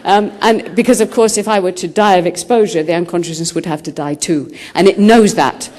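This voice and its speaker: A woman author answering students' questions, telling stories in a lively way and acting out the quotes. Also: fairly low pitch, brisk. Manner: lively storyteller who acts out quotes. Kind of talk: school talk answering questions. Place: high school.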